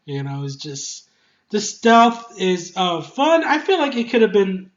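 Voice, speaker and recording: Excitable rambling game reviewer, lo-fi sound. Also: mid-range voice, unhurried. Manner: excitable, swears a lot, laughs often; rambling with many fillers and restarts. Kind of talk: casual video game review.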